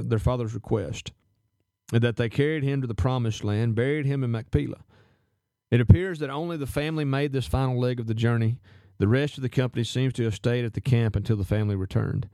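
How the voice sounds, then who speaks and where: A man gives a verse-by-verse Bible lesson, reading passages aloud before explaining them. His voice is warm and mellow, recorded dry and close with no room sound. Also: medium pitch, dry recording. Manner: reads scripture aloud then explains it, measured. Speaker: Bible teacher.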